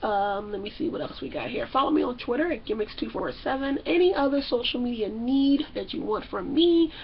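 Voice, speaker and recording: A young woman vlogger recapping a reality show in a loud, sassy, animated way, acting out the people she talks about. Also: a little high, a little fast, muffled recording, a little hiss or hum. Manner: loud, sassy, acts out characters. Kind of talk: animated casual recap with acted-out quotes.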